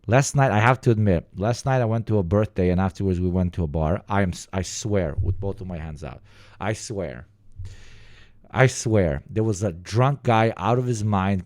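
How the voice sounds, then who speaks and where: Low, mellow-voiced man riffing profanely. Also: no room sound, studio quality. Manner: animated, profane storytelling with many fillers. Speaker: reaction streamer. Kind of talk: casual reaction commentary.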